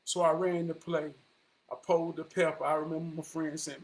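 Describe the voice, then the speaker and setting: High-voiced man telling a story. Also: brisk. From Charlotte, North Carolina. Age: 40s. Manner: animated, vernacular, quotes people in dialogue. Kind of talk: personal storytelling.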